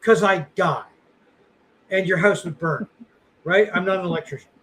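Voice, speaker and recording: A man's voice: high-pitched, normal speed, a bit bright, poor audio. A man co-hosting a podcast, chatting casually in a rambling, blunt way with lots of fillers and the odd curse. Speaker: podcast co-host.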